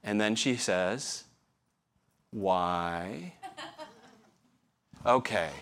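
A man's voice: mid-range voice, expressive, a little slow, fairly bright tone. Man preaching a conversational sermon. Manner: conversational, self-deprecating humor, rhetorical questions. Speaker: pastor.

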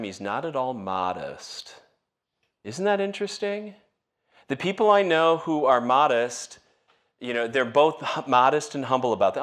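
A man preaching a sermon in a relaxed, conversational way, acting out quoted lines with rising and falling voice. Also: mid-range voice. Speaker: pastor.

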